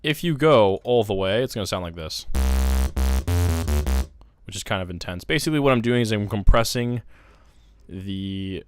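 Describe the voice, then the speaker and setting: A man's voice: lowish voice, animated, moderate pace, pauses often. A young man casually walking through synthesizer settings in a music production tutorial, thinking aloud with fillers as he works. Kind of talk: casual screen-recorded tutorial.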